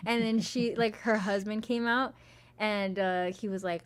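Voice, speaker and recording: A woman's voice: mid-range voice, little pitch movement, normal speed, clear, resonant tone. A young adult woman co-hosting a podcast, telling a story with lots of swearing and acted-out quotes in casual chat. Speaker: podcast co-host.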